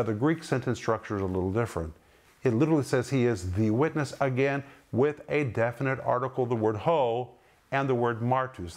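A man teaching the Bible in sermon style, emphatic and lingering on key words with dramatic pauses. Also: mid-range voice, a little mellow.

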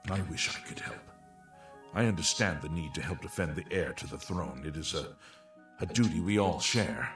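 A formal, duty-bound count. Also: male voice, low voice, lively intonation, fairly bright tone, far from the mic, soft background music. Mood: regretful. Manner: measured, formal. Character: weary male count, dutiful, refusing aid. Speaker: nobleman count in a fantasy game.

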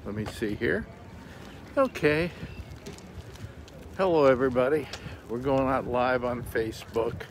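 A man's voice: mid-range voice, noisy background. An older man hosting a casual livestream while walking in a city park, rambling and out of breath. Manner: rambling, chatty, pauses often. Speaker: show host. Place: outdoors in a big city park.

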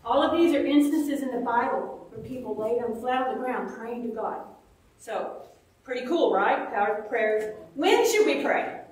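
A woman leads a children's Bible lesson in a lively, questioning way, acting out little prayers as she goes. Her voice sits a little high and comes from some distance away. The church room around her is very echoey. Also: moderate pace. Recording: echoey room, mic far off.

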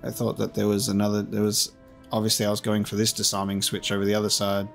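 A man's voice: lowish voice, monotone, fast, gravelly. A man giving casual gameplay commentary, chatty and self-mocking, swearing and laughing often. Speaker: let's play gamer. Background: faint game music.

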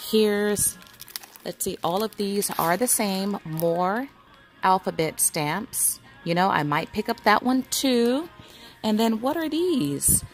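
A middle-aged woman vlogging from a store aisle, chatting casually and reading product labels aloud to herself. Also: mid-range voice. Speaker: craft vlogger browsing a store. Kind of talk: casual shopping walkthrough. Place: indoor retail store aisle.

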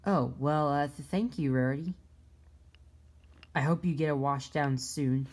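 A woman's voice: deep voice, a little slow, a little mellow, slight background noise. A woman voicing a shy, timid new female engine who talks hesitantly, in a fan drama. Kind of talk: amateur fan drama voice acting.

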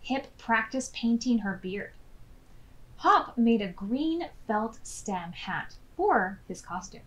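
Woman librarian, preschool storytime reading, slow and lively. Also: fairly high pitch, lo-fi sound. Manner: slow, expressive read-aloud narration. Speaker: children's librarian. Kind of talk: reading a picture book aloud to preschoolers.

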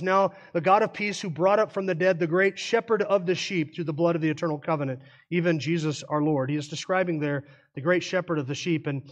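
A male pastor preaching an expository sermon, earnest and explanatory, stopping now and then to correct himself. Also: sits high.

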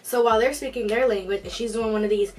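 A woman casually telling a storytime while eating, animated, acting out the people in it, swearing freely and filling with "like". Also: fairly high pitch, fast talker, recorded from a distance. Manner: animated, acts out quotes with shifting voices; swears freely, frequent "like" fillers. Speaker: storytime vlogger.

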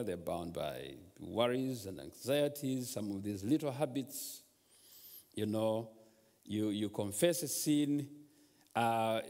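A man's voice: mid-range voice, a little mellow. A man preaching a sermon as a guest, telling a story and then urging the congregation to speak to their troubles. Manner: storytelling, rising to exhortation. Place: large church hall. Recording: long church hall reverb.

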